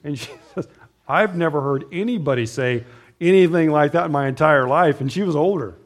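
A man's voice: on the high side, fairly quick. A middle-aged man preaching an informal sermon, telling stories in a rambling, conversational way with restarts and asides. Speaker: pastor.

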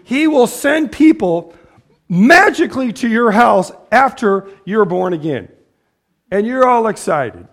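A man's voice: sits high, big pitch swings, measured pace, fairly bright tone. A man preaching a casual, blunt sermon as pastor, talking like a conversation, repeating words and acting out the people he quotes.

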